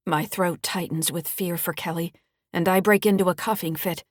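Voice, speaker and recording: A woman author reading her own mystery thriller as an audiobook, telling it in a steady, clear way. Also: on the low side, moderate pace, no room sound, clean studio sound. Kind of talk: scripted audiobook narration.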